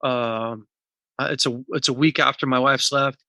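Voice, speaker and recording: A man's voice: medium pitch, steady tone, normal speed, sharp tone, dry recording. A man speaking as a podcast interview guest, earnest and candid as he explains a process step by step. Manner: earnest, teaching in numbered steps; candid and emotional about personal pain. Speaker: podcast guest, recovery coach.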